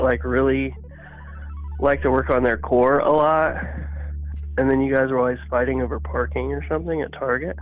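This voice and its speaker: A man co-hosting a comedy podcast, meandering through dry, deadpan banter. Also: medium pitch, dry recording. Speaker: podcast co-host. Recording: muffled lo-fi audio.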